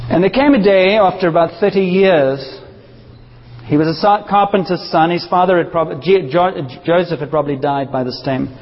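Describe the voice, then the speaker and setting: High-voiced passionate male preacher. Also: normal speed, in a large hall, dull audio, slight background noise. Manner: passionate, animated preaching with playful asides. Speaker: pastor. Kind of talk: sermon. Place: church.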